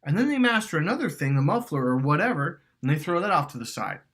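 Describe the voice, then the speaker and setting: A man coaching on dating in an animated, emphatic way. His voice sits a little high and swings widely in pitch. He swears freely and acts out quoted lines with force. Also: fast talker.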